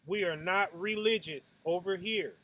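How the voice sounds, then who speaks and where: A preacher hosts a Sabbath night talk, giving a relaxed, conversational sermon at an unhurried pace. He keeps asking "right?", sinks low and quiet, then erupts loudly with punching sound effects.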